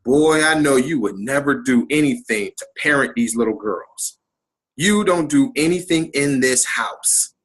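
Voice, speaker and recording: A man's voice: medium pitch, animated, a little slow, fairly bright tone, breathy edge. A man voicing his angry, accusing mother-in-law as he retells a family fight. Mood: contemptuous. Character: angry scolding middle-aged mother-in-law.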